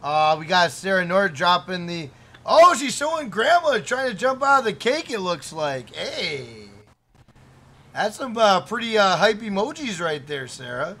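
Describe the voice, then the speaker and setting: A man's voice: sits high, sing-song, measured pace, fairly bright tone. A man live-streaming a game, chatting casually, swearing and joking as he reads out viewer messages.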